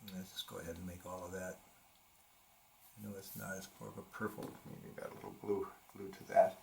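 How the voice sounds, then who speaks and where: In a very noisy recording, an older art instructor demonstrates watercolor painting live in a studio with a live model. He speaks fairly quickly in a low, gravelly, flat voice, thinking out loud and often trailing off mid-sentence to begin again.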